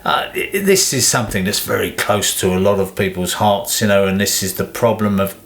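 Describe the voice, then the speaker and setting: Man, British accent, podcast co-host, casual chat, animated, low pitch. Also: fairly quick, creaky. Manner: animated, mimics people in quotes.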